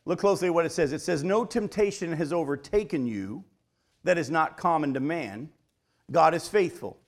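A middle-aged male pastor preaching a sermon, emphatic and speaking directly to the congregation, slowing down to stress key points. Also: a little high.

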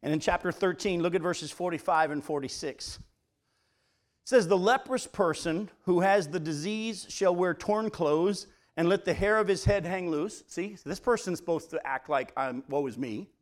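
Slightly high-voiced man teaching a sermon. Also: normal speed. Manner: conversational, asks the listeners questions. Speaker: pastor.

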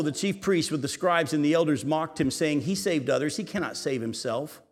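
A man preaching a sermon. He reads scripture aloud, comments on it, and swings between raised and hushed delivery. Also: on the high side, moderate pace, hardly any pauses. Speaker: pastor. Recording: reverberant hall.

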